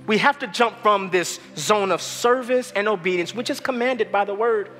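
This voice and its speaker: Impassioned high-voiced male preacher. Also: moderate pace, hardly any pauses, in a large hall, faint music behind. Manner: impassioned, swinging from loud to hushed. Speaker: pastor. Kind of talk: sermon. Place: church hall.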